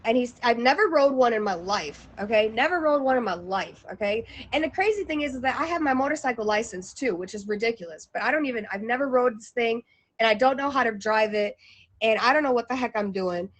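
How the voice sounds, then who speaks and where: Chatty high-voiced woman telling a story. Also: expressive, a little fast. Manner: chatty, many fillers and restarts. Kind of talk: casual storytelling.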